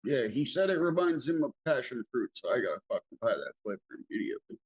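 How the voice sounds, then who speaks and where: A man's voice: mid-range voice, very animated, quick pace, husky. A man co-hosting a live stream, chatting casually and swearing now and then.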